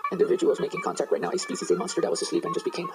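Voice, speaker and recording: A man's voice: very high voice, huge pitch swings, rapid-fire. A man casually retelling a horror story, rambling with fillers and side remarks. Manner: rambling, digressive, with many fillers and asides. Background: guitar music.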